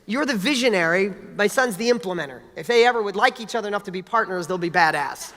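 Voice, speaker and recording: A man giving a motivational talk, telling a personal story in an energetic, animated way with casual swearing. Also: high-pitched, quick pace. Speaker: motivational speaker. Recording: long hall reverb.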